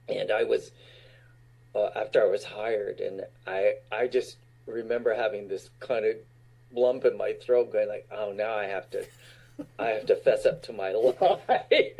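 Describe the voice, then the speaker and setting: A man's voice: on the low side, vocal fry, darkish tone. A man in his sixties from Utah, a guest actor telling casual stories and laughing often. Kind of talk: casual storytelling.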